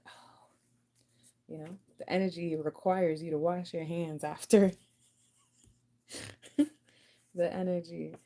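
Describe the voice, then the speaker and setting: Woman reader, mellow, low-ish voice, chatty and giggly, talks straight to "you". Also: gravelly. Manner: chatty, giggly, loose slangy talk; spoken to the viewer as "you". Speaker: intuitive card reader. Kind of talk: casual channelled reading.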